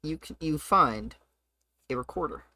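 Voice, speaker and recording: A man narrating a tabletop game as game master, often pausing to search for words. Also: fairly high pitch, lively intonation, sharp tone, dry recording.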